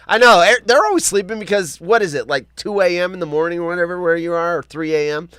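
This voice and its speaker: A man's voice: fairly high pitch, brisk, clean tone, no echo. A man hosting a live show, chatting casually, joking and reading viewer comments aloud. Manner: animated, joking, reads chat comments aloud. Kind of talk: casual live-stream chat.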